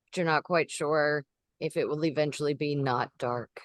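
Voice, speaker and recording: A woman narrating as game master of a tabletop game, relaxed and unhurried, with the odd um. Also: sits low, no echo.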